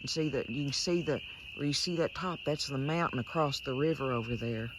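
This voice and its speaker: A woman's voice: extremely low pitch, brisk, background noise. A woman hosting a casual cooking demonstration, chatty and folksy, talking straight to her viewers outdoors at night. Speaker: cooking show host.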